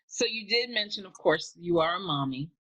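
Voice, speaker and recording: Woman interview host, bright crisp tone, supportive and affirming. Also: on the low side, animated, moderate pace, highs cut off. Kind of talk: interview questions.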